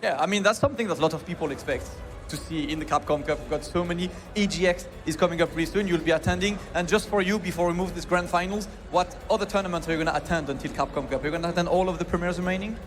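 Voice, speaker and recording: Fast-talking high-voiced male host. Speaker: host interviewer. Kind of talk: post-match interview.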